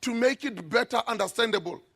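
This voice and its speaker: A man preaching a sermon as a pastor in a church, emphatic, with sudden shouted lines. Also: extremely high pitch, brisk, gravelly.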